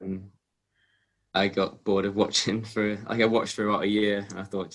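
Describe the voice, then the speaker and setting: A young man from England, a guest athlete telling stories in a relaxed, casual interview with frequent ums and restarts. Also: lowish voice, normal speed. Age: young adult.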